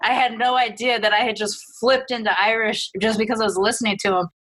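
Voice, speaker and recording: A woman hosting a podcast in casual chat, telling stories in a lively, animated way and laughing often. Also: fairly high pitch, fast. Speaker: podcast host.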